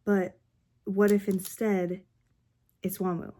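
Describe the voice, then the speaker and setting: A woman's voice: mid-range voice, flat delivery, slow pace, mellow. A young woman vlogging as she unboxes albums, gushing and gasping, swinging between squeals and whispers. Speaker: book and K-pop vlogger. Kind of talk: casual unboxing vlog.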